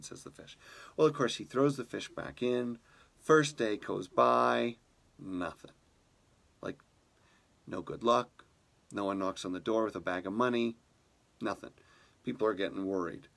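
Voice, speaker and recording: A man leading a spiritual community, telling a fable in a meditation talk, soft-spoken and unhurried. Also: lowish voice, vocal fry.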